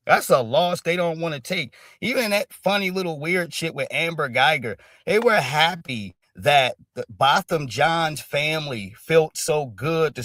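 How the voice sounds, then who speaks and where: A man's voice: a little high, fairly bright tone, dry recording, studio quality. A man commenting on a livestream, talking bluntly and profanely, punctuating nearly every sentence with a questioning "all right". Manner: emphatic, profane, repeats "all right" constantly. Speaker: stream commentator.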